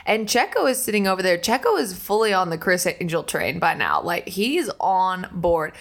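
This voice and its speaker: A woman co-hosting a podcast, telling lively stories in casual chat, laughing often and acting out quotes. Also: on the low side, normal speed. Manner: animated storyteller, laughs often, acts out quotes. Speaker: podcast co-host.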